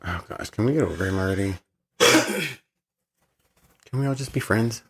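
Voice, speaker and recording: A man with a low, deep voice chats casually through a movie commentary, joking about the scenes on screen. He giggles often and keeps the tone loose and playful as a co-host. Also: expressive, normal speed, fairly bright tone, breathy edge. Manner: giggly, laughs often, jokey. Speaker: podcast co-host.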